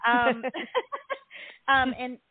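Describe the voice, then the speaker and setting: A woman's voice: high-pitched, little pitch movement, extremely slow, no echo. A woman with a Southern US accent co-hosting a radio chat show, bubbly and laughing, often restarting her sentences. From Southern United States. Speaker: radio co-host. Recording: tinny dry phone line.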